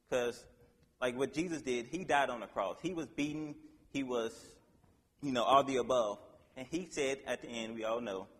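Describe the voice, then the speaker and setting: A man giving an informal sermon, reading a Bible passage aloud and explaining it in a casual, halting way with restarts. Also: medium pitch, fairly even intonation, a bit bright, long reverb tail. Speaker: preacher.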